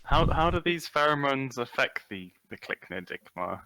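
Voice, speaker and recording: A man's voice: medium pitch, sing-song, moderate pace, sharp tone, smooth, no echo, low-quality recording. A man playing a tabletop game, speaking casually with hesitant restarts. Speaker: player.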